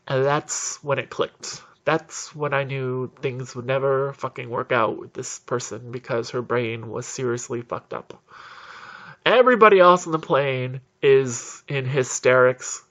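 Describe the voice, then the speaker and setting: An older man telling a profane, animated story, swearing and acting out quotes. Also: mid-range voice. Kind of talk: profane comic storytelling monologue. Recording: dull lo-fi recording.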